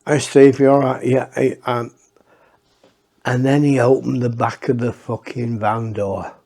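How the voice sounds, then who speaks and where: A man's voice: mid-range voice, little pitch movement, unhurried, vocal fry, warm tone. A man telling a rambling, profane anecdote in a casual way, with many restarts. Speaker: storyteller.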